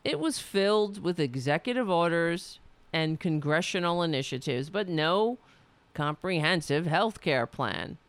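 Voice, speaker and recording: A woman's voice: lowish voice, lively intonation, measured pace, smooth, no echo. A woman hosting a livestream, ranting angrily with profanity and self-mockery. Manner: angry, profane, self-mocking. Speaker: livestream host. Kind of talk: ranting commentary.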